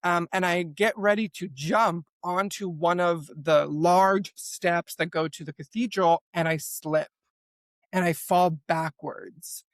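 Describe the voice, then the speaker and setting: A young man telling a personal story as a podcast guest, animated and full of "like" fillers. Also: high-pitched, slow, no room sound. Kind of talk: storytelling in an interview.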